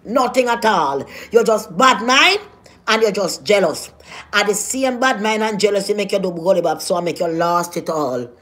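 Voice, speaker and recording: A woman's voice: medium pitch, animated, moderate pace, a bit bright. A woman with a Jamaican accent delivering a scolding, confrontational vlog rant full of rhetorical questions. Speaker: vlogger. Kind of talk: ranting vlog.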